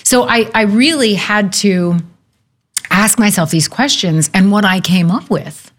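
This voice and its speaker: A woman's voice: mid-range voice, measured pace. A woman in her fifties talking as a guest in a candid conversation, reflective and earnest, laughing easily. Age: 50s.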